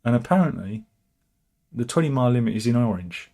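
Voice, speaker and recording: A man's voice: medium pitch, expressive, brisk, dark tone. A man hosting casual satirical news commentary, sardonic and rambling, with chuckling asides. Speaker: host of a satirical news channel.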